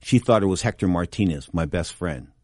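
A middle-aged man with a lowish voice, hosting a boxing talk show. He tells anecdotes in a rambling, restart-filled way, and his pitch leaps up when he stresses a point. The sound is close and dry, with no room in it. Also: fairly quick, no echo. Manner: rambling, with frequent restarts and asides; animated, jumping up in pitch for emphasis. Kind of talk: casual anecdotal storytelling.

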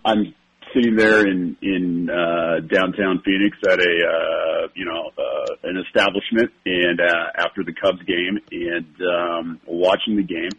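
A man on a sports talk show, speaking casually and haltingly with many fillers. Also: low voice, husky, low-quality recording.

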